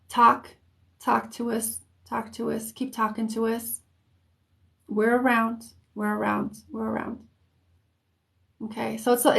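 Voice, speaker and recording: A woman giving an intuitive reading on a live stream, hesitant and searching for words, with soft, comforting reassurance. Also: a little high, vocal fry. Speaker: intuitive reader.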